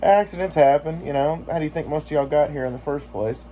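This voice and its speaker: A man's voice: on the high side, fast talker, dark tone, a little hiss or hum. A man vlogging in casual chat, joking and rambling with lots of filler words.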